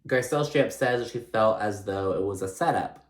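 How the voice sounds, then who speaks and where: A man's voice: lowish voice, a little fast, reverberant. A man recapping a reality show in a casual, rambling, sassy way, full of fillers. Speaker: recap host.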